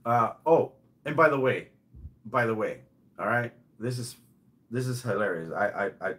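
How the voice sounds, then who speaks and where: A man's voice: medium pitch, very animated, moderate pace, a bit bright. A middle-aged man delivering an angry, mocking rant to the camera, swearing and repeating himself. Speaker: channel host.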